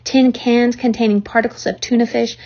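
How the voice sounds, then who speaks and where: A woman's voice: a little high, flat delivery, brisk, a little mellow. A woman voicing a worldly old sheep who coaxes at length, heard on a dull lo-fi recording. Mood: persuasive. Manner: lists things at length, coaxing.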